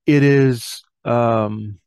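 Podcast host, middle-aged man, gravelly, earnest reflective talk, dry close sound. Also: medium pitch, fairly even intonation, very slow, darkish tone, dry recording. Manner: earnest, reads scripture aloud, self-correcting.

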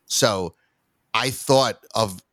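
A low-voiced man tells stories in a loose podcast chat, slipping into the voices of the people he quotes. The sound is close and dry, with no room around it. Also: drawn-out words, no echo. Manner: animated storyteller, acts out quotes. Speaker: podcast guest.

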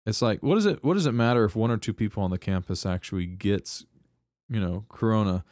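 A man's voice: fairly low pitch, brisk, darkish tone, no echo, clean studio sound. A man co-hosting a casual podcast, joking, laughing often and telling anecdotes as he chats with friends. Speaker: podcast co-host, history teacher. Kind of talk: casual chat.

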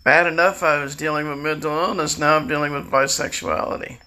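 A man's voice: fairly high pitch, steady tone, fairly quick, pushed and bright. A man in his sixties rambling through a candid, confessional personal monologue. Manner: rambling, confessional, restarts often. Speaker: storyteller recounting his life.

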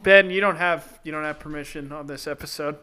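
A man's voice: fairly high pitch, steady tone, brisk, bright, forceful tone, clear, resonant tone. Teasing, foul-mouthed young man. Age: young adult. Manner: teasing, profane, blunt. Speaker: podcast host. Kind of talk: casual podcast banter.

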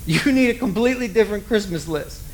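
A man's voice: high voice, animated, fast, slight background noise, poor audio. A man preaching a sermon as a pastor, talking animatedly and acting out little asides.

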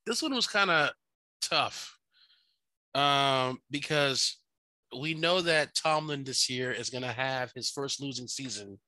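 Bright-voiced man joking about sports. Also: medium pitch, takes it slowly, no echo, rough recording. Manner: joking, playful banter. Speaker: podcast co-host. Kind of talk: casual sports chat.

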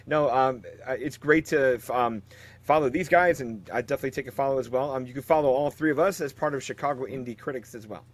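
A man's voice: mid-range voice, quick pace. A man guesting as a film critic on a podcast, easygoing and teasing in casual chat.

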